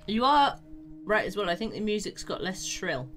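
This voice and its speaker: Lively woman streamer. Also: mid-range voice, moderate pace. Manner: chatty, soft asides, bursts of excitement greeting viewers. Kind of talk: casual live-stream chat. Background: game music.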